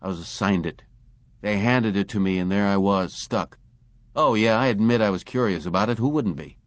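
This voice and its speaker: A man's voice: lowish voice, moderate pace, no room sound, natural voice. A man voicing a drugged male clerk who speaks harshly, with a grating, hostile drawl. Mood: drowsy.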